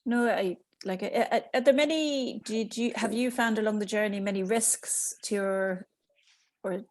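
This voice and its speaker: A woman's voice: mid-range voice, measured pace. A woman interviewing a farmer and reading out audience questions, with short encouraging replies. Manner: brief encouraging backchannels, reads audience questions. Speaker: interviewer and Q&A moderator. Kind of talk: interview moderation.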